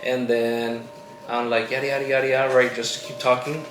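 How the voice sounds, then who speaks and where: A man's voice: mid-range voice, flat delivery, moderate pace, fairly bright tone. Young male vlog host, rambling slangy storyteller, roomy echo, music behind. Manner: rambling, slangy, lots of fillers. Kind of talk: casual storytelling. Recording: echoey room with music playing.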